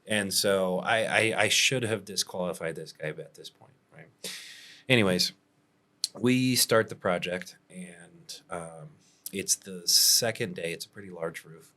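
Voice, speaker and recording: Male contractor, podcast host, very deep voice, relaxed storyteller who chuckles often. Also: a little slow. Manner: laid-back, chuckles often, many fillers.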